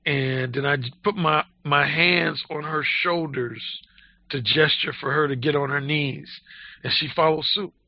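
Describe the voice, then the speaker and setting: A man with a gravelly voice, a guest telling a blunt, boastful, crude story in casual talk. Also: fairly high pitch, fairly even intonation, unhurried. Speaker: dating advice guest. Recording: dull lo-fi audio.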